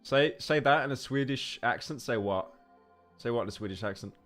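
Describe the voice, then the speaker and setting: In a casual livestream chat from home, this man talks at a moderate pace in a medium-pitched, slightly bright voice. He's joking and sarcastic, wandering off topic and frequently stammering and repeating words into his desk mic while game music plays faintly behind him.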